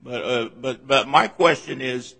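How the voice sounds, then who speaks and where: A man's voice: mid-range voice, unhurried, gravelly, pushed and bright, in a large hall, low-quality recording. A man presiding as an appellate judge, pressing counsel with pointed, probing questions during oral argument in a large courtroom.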